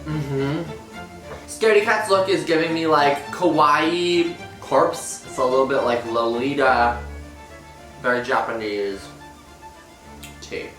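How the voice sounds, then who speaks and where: A man's voice: mid-range voice, slow, long pauses, a bit bright, echoey room, distant mic, faint music behind, rough recording. A man co-hosting a podcast in playful, theatrical casual chat. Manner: playful, theatrical, breaks into song. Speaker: podcast co-host.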